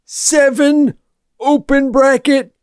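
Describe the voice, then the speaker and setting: A man voicing a slow, muddled, forgetful hotel bell captain in a comedy sketch, speaking in vague deadpan non sequiturs. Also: very high-pitched, no room sound, clean studio sound. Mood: dim.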